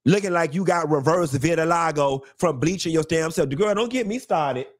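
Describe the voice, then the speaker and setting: A man's voice: on the high side, normal speed. A man speaking with an African American Vernacular English accent, ranting on a live stream in a sassy, profane, unfiltered way, a little tipsy and repeating lines for emphasis. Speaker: host of a live commentary stream. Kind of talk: unfiltered casual rant.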